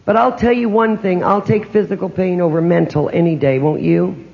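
A man's voice: sits high, fairly even intonation, normal speed, vocal fry. Older guy psychic chatting to the audience, lots of "can't you?", dull lo-fi tape. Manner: conversational, asks the audience rhetorical questions. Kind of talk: lecture with personal stories. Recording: dull lo-fi recording in a reverberant hall.

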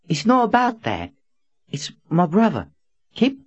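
A husky, stammering young boy. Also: high-pitched, wildly swooping pitch, measured pace, no room sound, highs cut off, voice pushed up, full character voice. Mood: timid pleading. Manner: stammering, breathless pleading. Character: nervous poor young boy, eager and polite. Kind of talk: audiobook character voice.

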